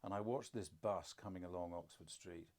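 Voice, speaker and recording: A man's voice: low voice, normal speed, a little mellow. An older man, a podcast co-host and father, telling stories in casual conversation with dry, self-deprecating humour.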